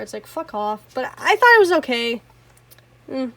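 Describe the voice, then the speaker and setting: High-voiced swearing woman ranting casually. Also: very animated, normal speed, fairly bright tone. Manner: swears a lot, rambling, apologetic, laughs often. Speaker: anime reviewer. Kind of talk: casual rant. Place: home.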